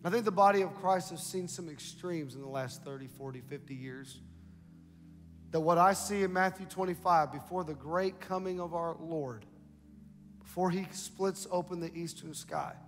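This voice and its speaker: A man's voice: fairly high pitch, long reverb tail. A man preaching a sermon as pastor, building emphasis and repeating phrases for the congregation. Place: large church hall.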